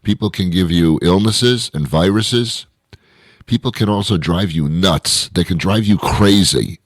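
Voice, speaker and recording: Hoarse deep-voiced man with a cold. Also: unhurried, no echo. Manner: rambling, self-mocking. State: stuffy-nosed with a cold. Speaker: radio show host. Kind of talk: comedic monologue.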